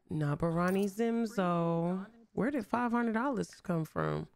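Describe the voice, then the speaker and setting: A woman's voice: lowish voice, very animated, a little slow, hardly any pauses, a little mellow. A young woman streaming a life-simulation game, chatting in slang and talking to her characters as she plays. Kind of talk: casual game commentary.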